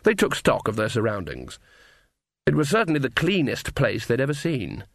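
Man narrating an audiobook, wry and lively. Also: medium pitch, normal speed, no echo, studio quality. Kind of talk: scripted narration.

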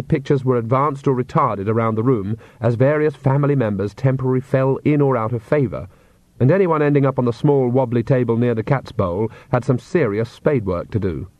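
A man narrating a comic fantasy book aloud in a measured, wry storytelling manner. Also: mid-range voice, darkish tone, no room sound. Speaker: audiobook narrator. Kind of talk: scripted narration. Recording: dry, slightly dull studio read.

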